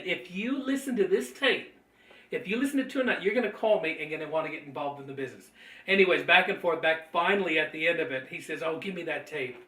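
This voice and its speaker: A man cheerfully telling animated stories about recruiting friends into his business, laughing easily. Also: high voice. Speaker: network marketing trainer. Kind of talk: storytelling testimony. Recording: echoey room, mic at a distance.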